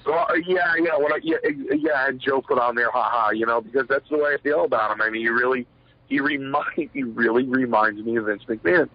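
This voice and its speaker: With lively intonation and a slightly fast pace, a middle-aged ex-wrestler tells stories in a meandering shoot interview, full of fillers and acted-out quotes. His voice is mid-range, and the recording sounds dull, dry and lo-fi.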